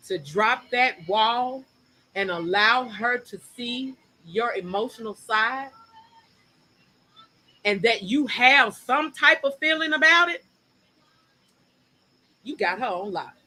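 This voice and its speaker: A woman co-hosting a casual talk show, speaking, animated and emphatic, and speeding up when she makes a point. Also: fairly high pitch, poor audio. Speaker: podcast co-host. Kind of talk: casual chat.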